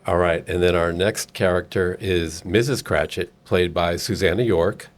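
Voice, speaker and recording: A man hosting a casual film podcast, reading cast details in a measured way. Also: low voice, steady tone. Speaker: podcast host.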